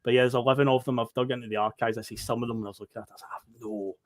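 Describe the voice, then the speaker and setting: A man's voice: mid-range voice, little pitch movement, very fast, dry recording. A Scottish man hosting a football podcast, chatty and upbeat, often laughing. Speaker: podcast host. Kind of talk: casual football podcast chat.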